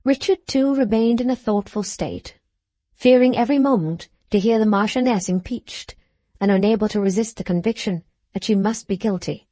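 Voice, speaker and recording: This is scripted audiobook narration of a classic novel by a woman whose delivery stays even and measured. Her pitch is medium, and there is no room sound in the recording.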